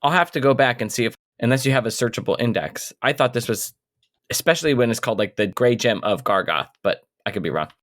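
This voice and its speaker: Relaxed, inquisitive man co-hosting. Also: medium pitch, fast talker. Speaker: podcast co-host. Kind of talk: casual book discussion.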